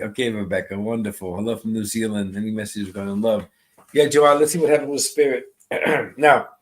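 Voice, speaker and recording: Soft-spoken man giving a live psychic reading. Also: medium pitch, rough recording. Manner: greets chat viewers by name, soft and reassuring. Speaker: medium. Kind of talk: live-streamed mediumship reading.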